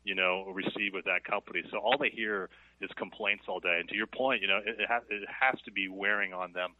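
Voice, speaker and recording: A man's voice: sits low, fairly even intonation, brisk, dry recording. A male guest on a talk show, explaining his points earnestly in casual chat. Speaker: company guest. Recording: tinny phone line.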